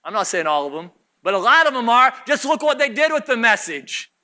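A man preaching a sermon as pastor, swinging from low mutters to loud shouts. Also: big pitch swings, brisk.

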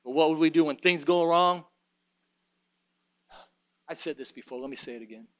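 A man's voice: fairly high pitch, moderate pace, dry recording, clean studio sound. A man preaching a sermon in a folksy way, mixing joking asides with fervent, emphatic exhortation.

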